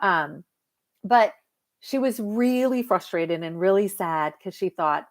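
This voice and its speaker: A woman hypnotherapist chatting casually to viewers on a live stream, lively and talking straight to her audience. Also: lowish voice, a little slow. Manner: chatty and lively, addresses viewers as "you guys". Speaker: hypnotherapist and mentor.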